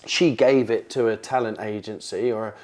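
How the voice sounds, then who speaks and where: A man, a guest in an interview, telling stories in a lively, casual way and often repeating words. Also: on the low side, normal speed. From England. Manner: animated, repeats words, acts out quoted speech, swears casually. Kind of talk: casual storytelling.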